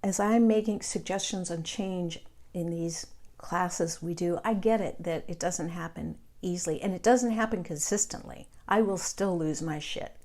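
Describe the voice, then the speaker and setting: Middle-aged woman, lowish voice, calm and frank, guiding a meditation class. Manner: calm, reflective, candid with casual swearing. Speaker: meditation group leader.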